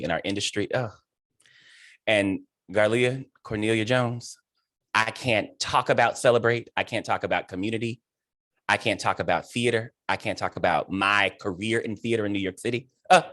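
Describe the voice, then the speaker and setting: A man's voice: on the low side, fairly bright tone, no room sound. A man hosting a casual interview, effusive and emotional as he talks, recorded over a video call. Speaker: host and theater director.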